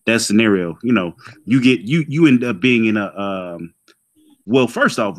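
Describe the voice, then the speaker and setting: A man's voice: fairly low pitch, lively intonation, normal speed. A man hosting a casual podcast debate, posing provocative questions. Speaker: podcast host.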